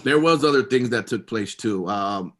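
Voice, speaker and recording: A man's voice: on the low side, animated, normal speed. A man hosting a podcast, casually recapping wrestling shows with lots of fillers. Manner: rambling, many fillers. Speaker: podcast host.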